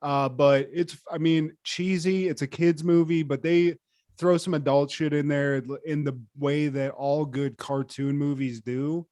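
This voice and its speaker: A man co-hosting a podcast in casual chat, animated and profane, with lots of fillers. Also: fairly high pitch, measured pace, dry recording, clean studio sound. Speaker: podcast co-host.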